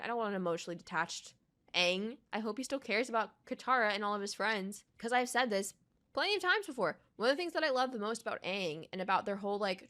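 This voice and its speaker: A woman's voice: medium pitch, fairly bright tone. A woman vlogger ranting emphatically in reaction-video commentary, swearing freely.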